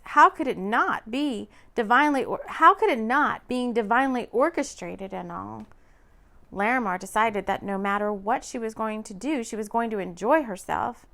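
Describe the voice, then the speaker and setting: A woman narrating a romance audiobook in an expressive, lively reading. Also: on the high side, creaky.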